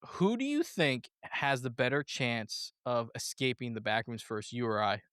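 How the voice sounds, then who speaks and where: A man hosting a casual movie review podcast, animated and laughing often as he acts out quotes. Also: medium pitch, moderate pace, clear, resonant tone, no room sound, clean studio sound. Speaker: podcast host.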